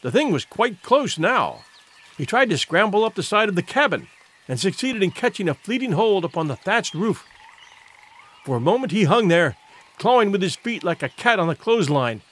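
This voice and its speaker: A man narrates a classic adventure tale in a fairly high voice. His pitch moves a lot, rising and falling with the drama. The reading is expressive and theatrical, in a scripted storybook manner. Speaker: audiobook narrator.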